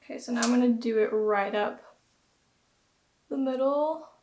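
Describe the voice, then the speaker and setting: A woman's voice: fairly high pitch, normal speed, darkish tone. Young Southern woman vlogger, self-deprecating casual chat, recorded in a roomy echoing room. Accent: American Southern. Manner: chatty, self-deprecating, giggly. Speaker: beauty vlogger. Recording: roomy echo.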